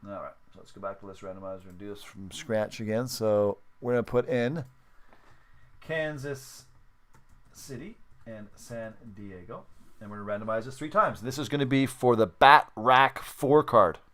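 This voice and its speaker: A man with a lowish, fairly bright voice speaks at normal speed while hosting a sports card break livestream. He chats casually, counts steps aloud, and apologizes when he slips up.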